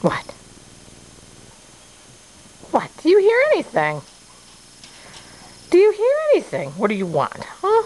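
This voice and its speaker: A woman's voice: fairly high pitch, wildly swooping pitch, unhurried, pauses often, darkish tone, poor audio. A woman at home coaxing her dog in sing-song baby talk, over faint background noise. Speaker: dog owner. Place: home indoors.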